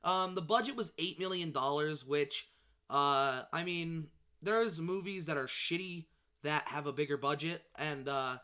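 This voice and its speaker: A man vlogging about movies in casual chat, excitable and rambling, swearing and tripping over his words. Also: fairly high pitch, unhurried, smooth.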